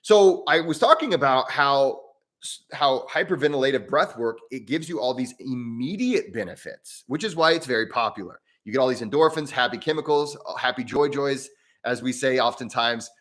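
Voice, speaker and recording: A man hosting a live stream on breathwork, answering viewer mail in a casual, rambling way with many restarts and easy laughs. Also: moderate pace. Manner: rambling and chatty, with frequent restarts and self-corrections; animated, with pitch jumping up and down.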